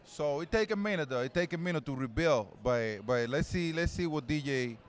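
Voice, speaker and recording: A man's voice: fairly high pitch, lively intonation, a little fast, smooth. A man in his forties with a Spanish accent, talking loosely as an interview guest, rambling with many restarts and easy laughs. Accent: Spanish-accented English. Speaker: interview guest, retired baseball player. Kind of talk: casual interview.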